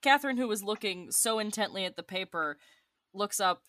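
Bright-voiced woman playing a tabletop game. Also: medium pitch, dry recording, studio quality. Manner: hesitant, halting with fillers. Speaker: player. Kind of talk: tabletop role-play.

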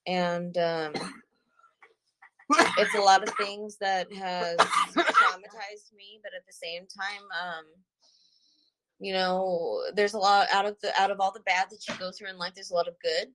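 A young woman recounts her own story as a guest. She talks slowly, halting and soft-spoken, with pauses and fillers between her thoughts. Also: mid-range voice, fairly even intonation, slight background noise, low-quality recording. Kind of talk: personal testimony.

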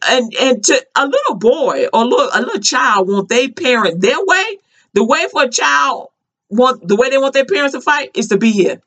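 Emphatic high-voiced woman commentator. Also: sing-song, normal speed, fairly bright tone. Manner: emphatic, repetitive, conversational. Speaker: video commentator. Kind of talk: casual commentary.

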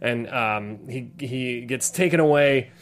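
A man's voice: mid-range voice, slow. A man hosting a podcast, rambling and swearing casually as he chats about a film. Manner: rambling, swears often, laughs a lot. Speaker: podcast host. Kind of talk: casual comedic chat about films.

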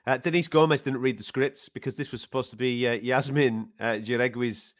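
A man's voice: medium pitch, fairly even intonation, a little fast. A man co-hosting a podcast in casual sports chat, enthusiastic and sweary. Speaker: podcast co-host.

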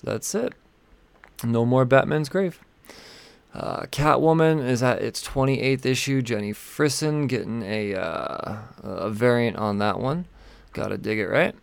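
Gravelly man rambling through comic news. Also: mid-range voice, no echo. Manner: loose, profane and rambling, sipping vodka. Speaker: comic book podcast host. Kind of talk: casual solo podcast rundown.

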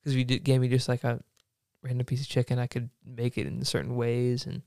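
A young man chatting casually at home while he interviews his mother, easygoing and quick to laugh. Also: mid-range voice, flat delivery, vocal fry, darkish tone, no echo, studio quality. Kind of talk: casual chat. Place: home basement.

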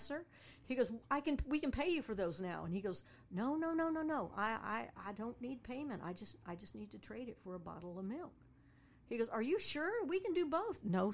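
Gravelly-voiced woman telling a story. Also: mid-range voice. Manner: animated, acts out voices of people in her stories. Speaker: storyteller and tour guide. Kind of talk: casual storytelling.

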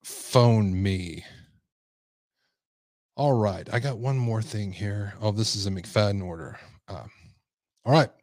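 A man hosts a livestream, reacting and reading viewer comments in a loose, rambling way. His voice is on the low side. The sound is dry and close. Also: slow, pauses often, a little mellow, no room sound. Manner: casual, rambling, reads chat aloud. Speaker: host.

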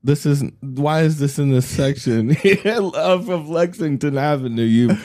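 A man's voice: on the high side, measured pace, a little mellow. A young man co-hosting a podcast, chatting casually and joking with frequent laughter. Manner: jokey, laughs often, wisecracking. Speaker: podcast co-host. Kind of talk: casual chat.

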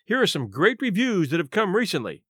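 A man's voice: high-pitched, wildly swooping pitch, a bit bright, breathy edge, no echo, clean studio sound. A man narrating a classic short story as host of a story podcast. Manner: measured storytelling.

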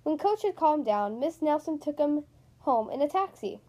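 A woman reading a children's picture book aloud with expressive, animated storytelling. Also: high-pitched, moderate pace. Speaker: storybook reader.

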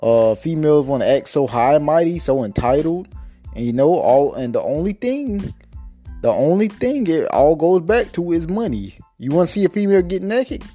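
A man rants on his podcast in loose, slangy talk, repeating himself for emphasis. His voice is dark and a little husky. Faint music sits under him. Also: on the high side, big pitch swings, normal speed. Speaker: podcast host. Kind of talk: casual rant.

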